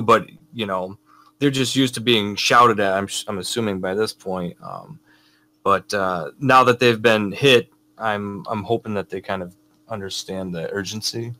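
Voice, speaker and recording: A man's voice: on the low side, sharp tone. A man playing a tabletop pirate game, describing what his character does. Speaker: player. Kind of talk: tabletop role-play, partly in character.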